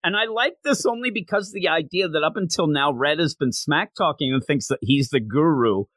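Excitable man hosting a review podcast. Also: a little high, moderate pace, no room sound. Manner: animated, excitable storyteller acting out quotes. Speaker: podcast co-host. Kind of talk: casual manga review chat.

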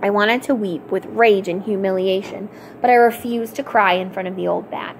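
Expressive woman reading a novel aloud. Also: mid-range voice, moderate pace, a little hiss or hum. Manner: expressive, clear storytelling. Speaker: library storytime reader.

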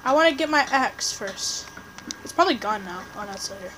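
A woman chatting through a game session as commentator, rambling and excitable, tossing jabs at other players. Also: mid-range voice, brisk, slight background noise, poor audio. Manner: rambling, excitable, trash-talking teammates; restarts and fillers, chatty. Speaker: gameplay commentator. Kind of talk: casual live game commentary.

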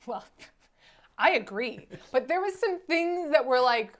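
A woman's voice: high-pitched, expressive, slow. A woman co-hosting a film review podcast, blunt and sarcastic, swearing freely in casual chat.

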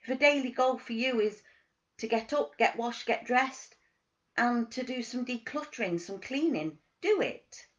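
A woman giving a motivational wellness talk as a coach, asking gentle questions and stressing key words. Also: on the high side, animated, a little slow.

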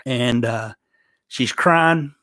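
A man telling a personal faith story in an earnest, halting way, often restarting his sentences. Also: mid-range voice, fairly bright tone, no echo. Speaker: podcast host telling a personal testimony. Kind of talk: emotional storytelling testimony.

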